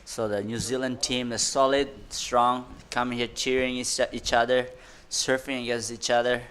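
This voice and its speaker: A man calls a surf heat live from the commentary booth. His voice sits in an ordinary middle pitch, and his delivery is excitable and loose, with broken phrasing that rushes along with the action. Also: clean tone.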